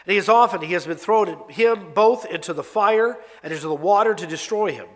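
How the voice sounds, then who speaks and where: A man's voice: high voice, fairly quick, close to an everyday voice. A man voicing a desperate father who pleads earnestly for help for his son. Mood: pleading. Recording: long hall reverb.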